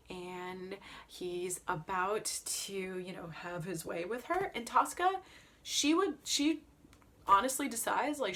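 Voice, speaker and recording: A woman chatting casually as an Enneagram coach, animated and emphatic, with playful jokey asides. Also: medium pitch. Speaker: Enneagram coach and opera vlogger. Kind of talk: casual vlog chat.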